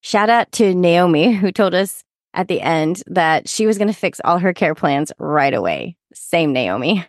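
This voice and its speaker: A woman's voice: lowish voice, expressive, unhurried, dry recording. Woman co-host, friendly and encouraging, dry close-miked sound. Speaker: podcast co-host. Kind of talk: casual podcast chat.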